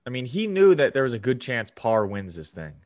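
An easygoing man co-hosting a casual sports podcast. His voice sits at a middle pitch, and he drags out his retelling, building each beat. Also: very animated, fairly quick, a little mellow. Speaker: podcast co-host. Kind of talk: casual chat.

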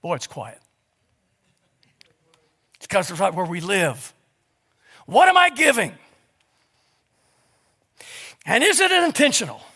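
A male pastor preaches in a church, his voice sitting high for a man and ringing with a bright, forceful edge. He stumbles over repeated starts and drives his points home with one rhetorical question after another. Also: huge pitch swings, slow pace, long pauses, breathy edge. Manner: fervent preaching with rhetorical questions and stammered restarts. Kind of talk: sermon. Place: church sanctuary.

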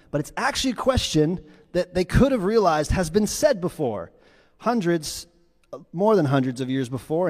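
A man preaching a sermon as pastor, telling stories with lively swings between loud, quick lines and hushed, quiet ones. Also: a little high. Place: church sanctuary. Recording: long hall reverb.

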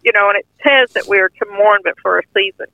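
A woman's voice: mid-range voice, fast talker, creaky, dry recording. An older woman earnestly telling a heartfelt personal testimony in plain, informal speech. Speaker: guest sharing a testimony. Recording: tinny phone-line audio, dry.

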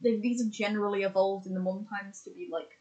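A woman's voice: mid-range voice, steady tone, quick pace, mellow, dull audio. Chatty woman listing film genres. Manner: chatty, lists examples with many fillers and restarts. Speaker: podcast co-host. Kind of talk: casual chat.

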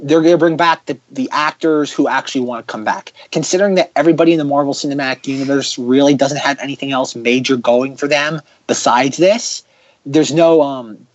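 A man hosting a podcast in casual chat, ranting sarcastically in quick bursts. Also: medium pitch, no echo, dull audio. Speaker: podcast host.

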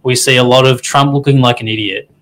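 A man's voice: medium pitch, fairly even intonation, a little fast, fairly bright tone, low-quality recording. Laughing, swearing man. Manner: laughs often, swears casually, mimics ads. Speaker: co-host. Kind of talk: casual chat.

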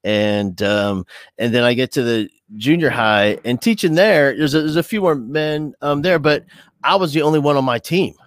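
A man's voice: medium pitch, moderate pace, dry recording, clean studio sound. A middle-aged man, an educator as podcast guest, talking casually and animatedly, with many restarts. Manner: animated, restless, full of restarts.

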